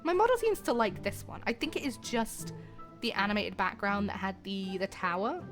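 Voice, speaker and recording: A young woman streams herself narrating a romance game, reading the lines at an even pace before breaking into excited gushing. Faint music plays beneath her voice. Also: medium pitch, moderate pace.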